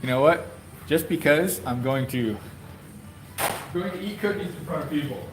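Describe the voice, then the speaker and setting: A man's voice: a little high, normal speed, music in the background, low-quality recording. A man hosting a live stream from inside a bike shop, chatting playfully and laughing often. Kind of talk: casual live-stream chat.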